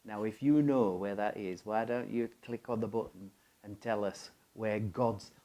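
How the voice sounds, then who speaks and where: A man's voice: on the low side, measured pace, mellow. A man with a southern English accent, a teacher trainer chatting casually in a teasing, playful way. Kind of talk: casual chat.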